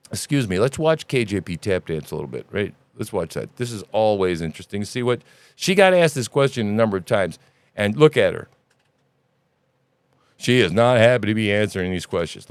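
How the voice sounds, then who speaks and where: A man hosting a news commentary podcast, ranting in an animated, sarcastic and profane way. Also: lowish voice, normal speed, clean tone, dry recording. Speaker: podcast host.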